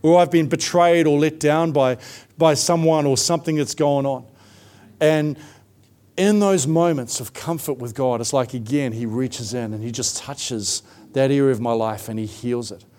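A middle-aged man preaching a sermon in a relaxed, chatty storytelling voice. His pitch sits in a plain middle range, and he leans on little fillers as he talks. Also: moderate pace. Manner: storytelling, warm and conversational with frequent fillers.

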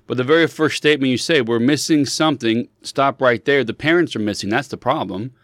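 A man's voice: medium pitch, fairly quick, dry recording, clean studio sound. A man in his thirties chatting casually as a podcast co-host, telling stories animatedly and acting out quotes in shifting voices. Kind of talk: casual chat.

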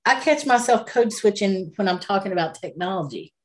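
A woman's voice: medium pitch, expressive, fairly quick, slight background noise. A woman, co-hosting a casual chat in a chatty, self-deprecating way. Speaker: co-host.

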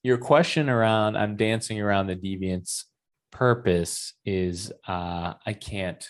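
Man, lower voice, laid-back joking movie chat. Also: slow pace. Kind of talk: casual movie review chat.

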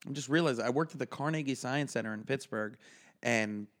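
A young male comedian co-hosting a podcast, spinning a story in loose, casual chat. He talks in an animated way, peppering it with swearing and filler words, in an ordinary mid-range voice. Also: mid-range voice, brisk. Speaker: podcast co-host.

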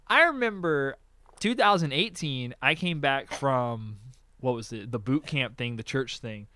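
Animated man telling stories, pitch jumping. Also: a little slow. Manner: animated storyteller, swearing, acting out quotes. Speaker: podcast co-host. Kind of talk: casual chat.

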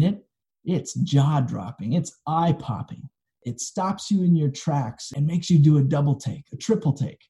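Gravelly, dark-voiced man preaching. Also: fairly high pitch. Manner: conversational, folksy storytelling. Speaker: pastor. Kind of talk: sermon. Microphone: recorded for online video.

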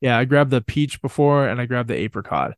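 A man's voice: mid-range voice, animated, fairly quick, no room sound, clean studio sound. A man chatting casually in an easygoing way, rambling and trailing off mid-sentence. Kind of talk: casual chat.

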